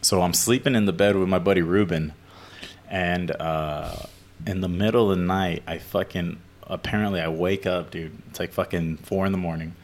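A man's voice: low-pitched, steady tone, moderate pace. Profane laughing storyteller man. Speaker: podcast co-host. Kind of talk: casual storytelling among friends.

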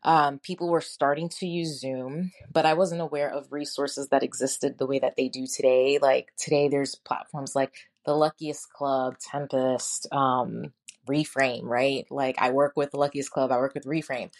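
A woman's voice: a bass voice, steady tone, moderate pace. A woman hosting a podcast, telling her own story in a candid, conversational way. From United States. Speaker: podcast host. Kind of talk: personal storytelling.

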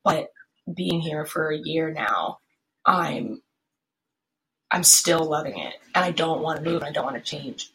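A young woman in her twenties hosts a casual solo podcast from her apartment, her deep voice pushed and bright, a little slow, with long pauses. She sounds tired and yawns, rambling with lots of fillers and restarts, and the poor-quality audio carries faint background noise and pen clicks.

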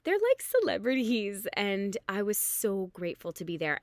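A woman with a fairly low voice tells a casual story while hungover. She is animated and leaps up in pitch whenever she acts out what someone said. The sound is dry and close, with no room echo. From Canada. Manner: animated, acts out quoted people with big pitch jumps.

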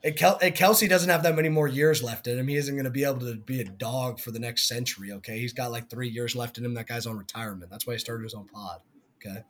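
A man co-hosting a sports podcast in casual chat, giving blunt opinions that trail off softly at the ends. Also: mid-range voice, steady tone, fast. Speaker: podcast co-host.

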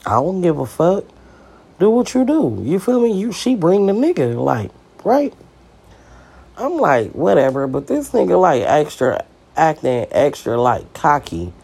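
A man with a fairly high, gravelly voice tells a personal story in a loose, casual way, full of slang and profanity. He keeps it conversational and drops quoted lines into the telling. The fry in his voice stays through it all. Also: very animated, measured pace, darkish tone.

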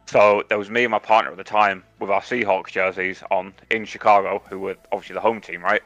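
An English man co-hosting a podcast, telling stories in a lively, swearing, casual chat. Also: lowish voice, a little fast, dry recording. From England. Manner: animated storytelling, heavy swearing. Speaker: podcast co-host. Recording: dull, dry lo-fi mic with faint music.

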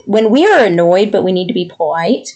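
Brisk and lowish-voiced, this young woman co-host tells a story with animated exasperation in casual podcast chat, imitating the people she quotes.

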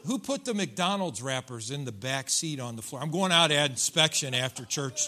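A man's voice: a little high, expressive, normal speed, few pauses, sharp tone. A middle-aged man preaching a sermon in a church, folksy and joking, acting out voices from his congregation. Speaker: pastor. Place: church sanctuary.

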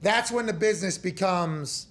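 A former punter in his thirties who now hosts a sports talk show speaks in a high, fairly bright voice at a moderate pace. His storytelling is heated, profane, and joking, often slipping into mocking voices.

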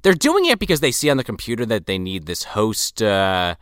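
A man chatting on a film podcast, with a bright, crisp and smooth voice that swings widely in pitch. He sounds animated and profane, and the sound is dry and close. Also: brisk, no echo. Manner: animated, joking, profane, with laughs. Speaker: podcast co-host. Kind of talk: casual movie-recap chat.

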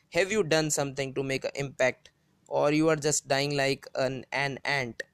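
A man's voice: mid-range voice, smooth, no echo. A man hosting a solo motivational podcast, talking earnestly and often repeating and rephrasing himself between hesitations. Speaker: podcast host.

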